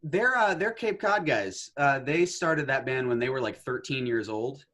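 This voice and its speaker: A man's voice: medium pitch, expressive, moderate pace, pushed and bright. Easygoing young man, laughing guest. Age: 20s. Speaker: guest musician and actor. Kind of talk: casual interview chat.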